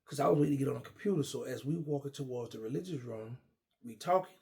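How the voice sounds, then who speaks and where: Gravelly-voiced man telling a story. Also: mid-range voice, fast talker. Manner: animated, acts out quoted dialogue. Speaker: guest storyteller. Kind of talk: casual storytelling.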